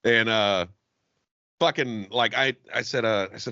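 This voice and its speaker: A man's voice: a little slow, smooth, no room sound, highs cut off. A man co-hosting a comedy podcast, telling profane stories in casual banter and laughing often. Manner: profane storytelling, laughs often, lively swings in pitch.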